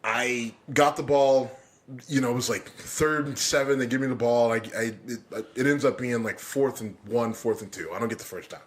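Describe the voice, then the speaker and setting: A middle-aged man co-hosting a podcast, telling stories loudly and with lots of profanity in casual chat. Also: mid-range voice, normal speed. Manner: loud, profane storytelling. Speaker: podcast co-host.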